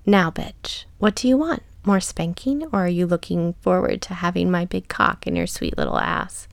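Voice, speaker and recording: A woman voicing a cruel, sadistic man, hushed and taunting. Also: moderate pace, vocal fry, no echo. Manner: low, hushed, often whispered taunting. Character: cruel, sadistic adult man, a paying client.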